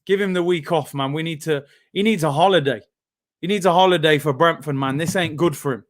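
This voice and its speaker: A man reacting live to a football match as the host of a watchalong, excitable and slangy, breaking into shouts. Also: fairly high pitch, a little fast.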